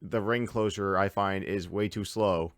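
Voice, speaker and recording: A man's voice: low-pitched, unhurried, smooth, no room sound. Ranting Canadian man, dry sound. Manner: swearing, animated rants. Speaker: podcast host. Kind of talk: casual chat. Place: home.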